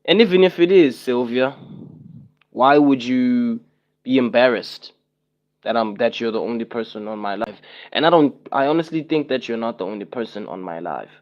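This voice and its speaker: A man's voice: medium pitch, normal speed, dull audio. A young man on a casual livestream, talking to his viewers and repeating himself in exasperated rhetorical questions.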